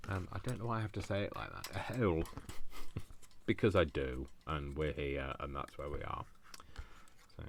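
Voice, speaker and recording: Male craft host, very low voice, chatty self-talk with jokey asides. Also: slight background noise. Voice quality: deep voice. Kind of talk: thinking aloud while crafting.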